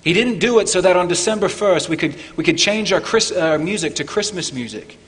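A man preaching a Christmas sermon as pastor, earnest, climbing for emphasis and falling low and quiet on key points. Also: animated, a little fast, in a large hall. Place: church.

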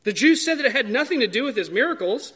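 A man preaching a sermon in a measured, emphatic way, drawing out key words. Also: very high voice, sing-song, sharp tone, slightly rough.

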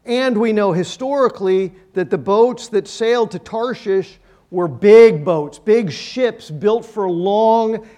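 A man with a high-pitched voice delivers a sermon from the pulpit. He preaches emphatically, his voice building to loud passages and then falling away to near quiet. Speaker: pastor.

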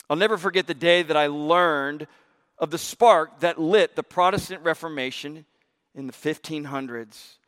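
A male pastor preaching a sermon, telling a story with emphatic rises and hushed drops. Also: a little high, normal speed, clean tone.

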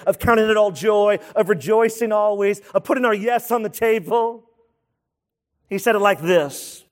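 High-voiced preaching man in a reverberant hall. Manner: emphatic preaching with rhetorical questions and repetition. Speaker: pastor. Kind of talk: sermon.

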